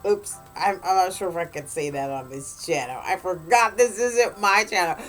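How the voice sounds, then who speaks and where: A woman's voice: on the low side, normal speed, fairly bright tone, soft background music. A woman, a guest reviewer, casually retelling a book's plot in a rambling way, full of "like" and "blah, blah.". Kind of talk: casual spoken book recap.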